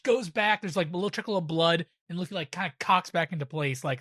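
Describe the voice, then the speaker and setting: A man's voice: a little high, fast, pushed and bright, no room sound, studio quality. A man chatting casually as a podcast guest, making joking asides and laughing often. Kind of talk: casual chat.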